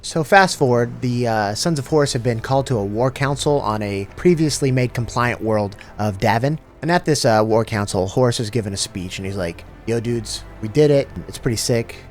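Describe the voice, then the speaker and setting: A man's voice: medium pitch, animated, fairly quick, few pauses. A young man casually recapping a sci-fi novel in a slangy, profane, rambling way, mixed with read passages. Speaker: lore recap host. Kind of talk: casual comedic book recap.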